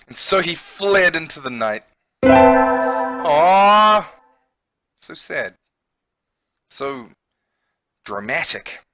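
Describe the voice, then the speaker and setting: A man's voice: fairly high pitch, big pitch swings, very slow, long pauses. A man, an English conversation teacher, playing a dating game on a close mic, amused and laughing often while explaining words. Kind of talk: game let's-play commentary.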